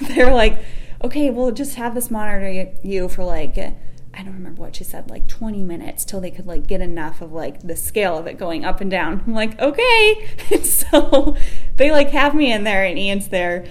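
A woman's voice: medium pitch, animated, normal speed, a little hiss or hum. Chatty young woman telling a story. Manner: chatty, laughs often, acts out quoted people. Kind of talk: casual storytelling.

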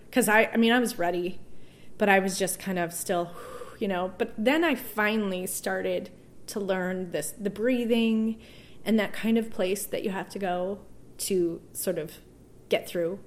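A woman tells a personal story as an interview guest. Her voice sits at an everyday middle pitch. She talks in an emotional, halting way, restarting phrases and laughing softly between them. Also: steady tone, a little hiss or hum.

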